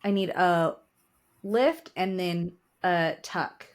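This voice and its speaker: A woman's voice: on the low side, slow pace. A woman in her forties co-hosting a podcast, chatting casually and telling stories with laughs and emotion. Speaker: podcast co-host. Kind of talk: casual chat.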